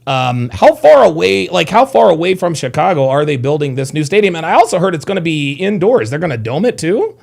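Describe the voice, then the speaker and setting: A man's voice: fairly high pitch, very animated, a little fast, vocal fry, few pauses, darkish tone. A man in his thirties hosting a casual livestream, rambling and profane as he reads chat comments. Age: 30s. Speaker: livestream host.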